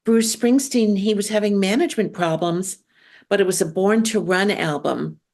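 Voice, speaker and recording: A woman's voice: mid-range voice, normal speed, a little mellow. An older woman hosting a casual chat, telling stories in a chatty way. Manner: chatty, storytelling.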